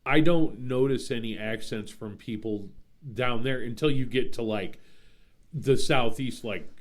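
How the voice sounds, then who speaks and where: A man hosting a podcast, chatting in a relaxed way, often laughing and trailing off with fillers. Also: mid-range voice, unhurried. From Omaha, Nebraska. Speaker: podcast host. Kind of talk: casual podcast chat.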